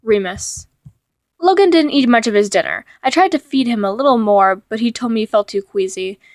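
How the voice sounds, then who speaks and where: A woman reading a fan-fiction story aloud as narrator, with a steady, even delivery. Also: on the high side, moderate pace, dry recording, clean studio sound.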